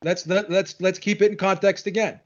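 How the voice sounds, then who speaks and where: A man's voice: high-pitched, level tone, fairly quick, a little mellow, highs cut off. A man hosting a boxing debate, emphatic and pressing his guests with repeated questions over a remote call mic. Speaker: show host, moderator. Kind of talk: heated debate.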